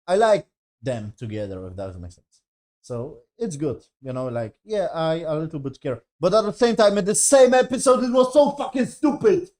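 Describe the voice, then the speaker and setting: A man with a voice on the high side and a darkish tone reviews a TV episode, rambling casually with many fillers. He swears often and sounds exasperated.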